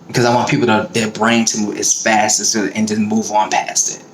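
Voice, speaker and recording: A man's voice: on the low side, flat delivery, moderate pace. A middle-aged man from the American South talking in a blunt, profane, fired-up casual monologue. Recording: roomy echo, faint background noise.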